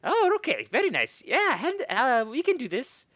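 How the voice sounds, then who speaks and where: A stout female gnome smith chatters in a high, bouncing voice, stumbling over her own words in a fluster, as a man puts her on. She is a hard-working tabletop-game tradeswoman. The sound is dull and dry. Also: huge pitch swings, moderate pace, a bit bright, no room sound, full character voice. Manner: stammering, fluster, repeated words.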